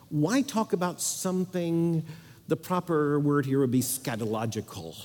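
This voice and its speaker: A man preaching a sermon with strong emphasis, repeating phrases and swinging between loud declarations and quiet asides. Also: on the high side, a little slow, big-room sound.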